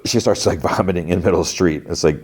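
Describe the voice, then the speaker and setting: A male podcast host recapping a TV episode in casual, rambling chat. His voice sits very low. He leans on fillers and slips into the characters' lines as he tells the story. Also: racing, husky. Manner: chatty, full of "like" fillers, acts out dialogue.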